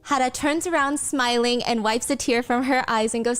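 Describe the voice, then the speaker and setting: A woman with a somewhat high voice narrates a commentary recap of a television clip. She talks in an earnest, sympathetic way, pausing to explain cultural customs to her audience. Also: steady tone, smooth. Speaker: reaction channel host.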